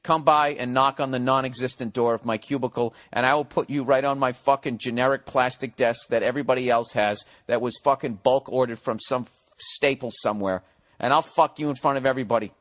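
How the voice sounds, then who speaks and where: A man's voice: mid-range voice, steady tone, a little fast, fairly bright tone. A middle-aged man ranting on a comedy podcast, profane and sarcastic as he reads and answers a listener's letter. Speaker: podcast host.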